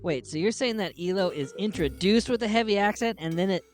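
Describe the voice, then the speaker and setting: A man's voice: high voice, a little fast, faint music behind, pitched above the performer's own voice, close to an everyday voice. A man voicing a doubting sidekick who pushes back against the host's claims. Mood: skeptical. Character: skeptical male sidekick who questions the host.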